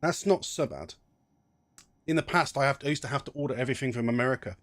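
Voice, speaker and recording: A man of medium pitch talks fast while streaming a game, chatting casually and reading in-game text aloud. He's chatty and self-mocking, joking at his own expense and trying silly pirate accents.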